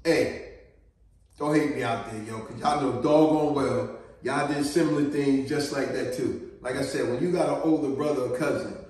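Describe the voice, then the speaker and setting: A man telling a childhood story in an animated, slangy way, laughing often, recorded in a very echoey room away from the mic. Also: medium pitch, moderate pace, far from the mic. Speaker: vlogger.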